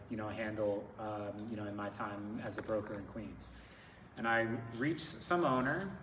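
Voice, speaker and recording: A man's voice: medium pitch, fairly bright tone. A man speaking as a sales director to students, telling stories in a casual, conversational way full of filler words. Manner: conversational, many fillers like "like" and "you know". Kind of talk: casual storytelling talk to students. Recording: roomy and distant with faint noise.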